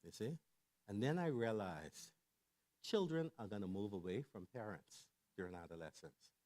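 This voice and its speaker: A middle-aged man giving a lively sermon-style talk on family and parenting, telling stories conversationally and checking in with the audience. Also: fairly low pitch, normal speed. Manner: animated storyteller who acts out quoted voices. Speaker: church speaker on family and mental health.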